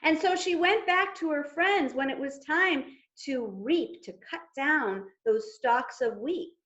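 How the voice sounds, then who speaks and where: A woman rabbi telling a story to toddlers, gently inviting them to act along. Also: sits high, takes it slowly. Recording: dull lo-fi recording.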